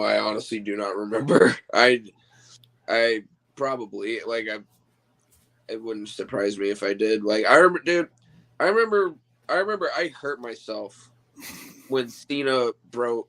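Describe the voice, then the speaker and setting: A man who wrestles, talking casually and excitedly about his favorite matches as a guest on a stream. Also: on the low side, moderate pace, poor audio. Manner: rambling, excitable fan talk. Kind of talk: casual podcast chat. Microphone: remote call mic.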